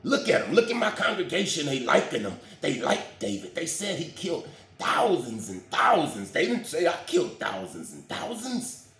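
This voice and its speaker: Man, casual spiritual commentator, slangy and animated, lively pitch, roomy echo. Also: moderate pace, creaky, faint music behind.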